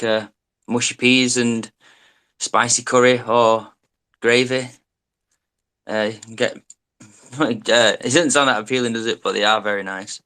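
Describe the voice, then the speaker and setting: A man's voice: fairly low pitch, pushed and bright, clean tone. A man from the United Kingdom with a British accent, rambling through casual explanations in an online group chat, with many restarts. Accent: British English.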